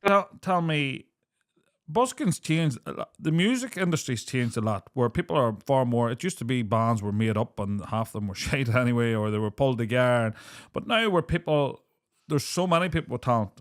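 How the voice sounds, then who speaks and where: A man's voice: mid-range voice, expressive, normal speed, clean tone. A man hosting a podcast, asking long, rambling questions in casual chat. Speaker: podcast host.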